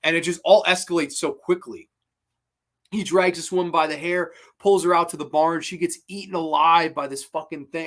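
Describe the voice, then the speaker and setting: A man hosting his own show, casually reviewing a horror film, excitable and swearing freely, with many fillers and repeated words. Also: fairly high pitch, normal speed.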